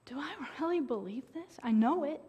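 A woman with a high voice preaching a sermon. She talks earnestly and holds dramatic pauses, then breaks into sudden loud bursts. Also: expressive.

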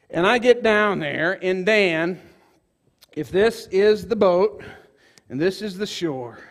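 Animated high-voiced man preaching. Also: a little slow. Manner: animated storyteller, acts out voices. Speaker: pastor. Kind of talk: sermon with storytelling.

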